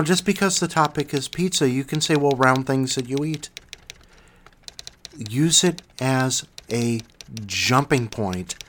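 A man hosting his own podcast in casual solo talk, self-mocking and animated, swinging between loud bursts and muttered asides. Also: mid-range voice, a little hiss or hum. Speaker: podcast host.

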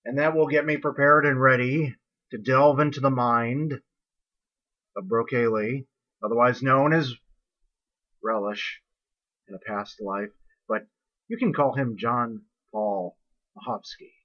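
A man's voice: medium pitch, measured pace, long pauses. Playful male host, lo-fi sound. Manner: playful, silly asides. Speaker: podcast host introducing stories. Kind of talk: casual chat. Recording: dull lo-fi recording.

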